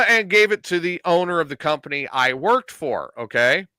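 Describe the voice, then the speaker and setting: A man's voice: on the high side, sing-song, moderate pace, pushed and bright, no echo. A middle-aged man hosting a casual chat, telling a story and acting out the quotes. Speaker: podcast host telling a story.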